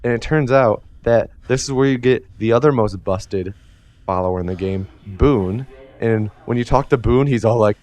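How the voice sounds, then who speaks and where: Recounting a video game from memory, this storyteller rambles comically, packing in filler words and offhand curses. He has a medium-pitched, slightly mellow voice and talks at an ordinary pace.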